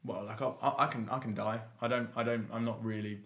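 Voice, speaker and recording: Bright-voiced man joking around. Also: lowish voice, fairly even intonation, a little fast. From United Kingdom. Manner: jokey, laughing banter. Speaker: podcast co-host. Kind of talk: casual chat.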